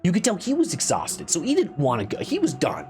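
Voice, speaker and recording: A man's voice: on the high side, huge pitch swings, a little fast, soft background music. Rambling, exasperated male game reviewer. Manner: rambling, repetitive, with restarts and swearing; exasperated, rising into loud complaint. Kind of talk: casual spoken review.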